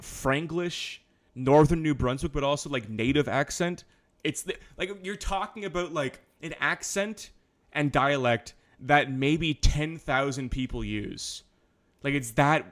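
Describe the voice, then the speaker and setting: A man's voice: medium pitch, a little slow, fairly bright tone. A man chatting casually on a live stream, rambling, swearing and correcting himself as he goes. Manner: loose rambling talk with profanity and self-corrections.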